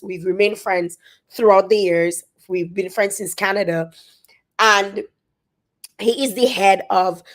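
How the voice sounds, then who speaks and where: A middle-aged woman from Dominica, telling an emphatic, animated story in a casual review vlog. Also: medium pitch. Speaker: vlogger.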